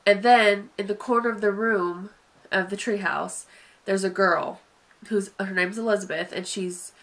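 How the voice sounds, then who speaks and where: A woman with a bright, sharp voice talks through a film review in a loose, casual way. She sounds sniffly and often stops to sigh, trailing into fillers and restarting her sentences. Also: mid-range voice. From Southern United States. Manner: hesitant, sighing, meandering with many fillers. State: sniffly from allergies.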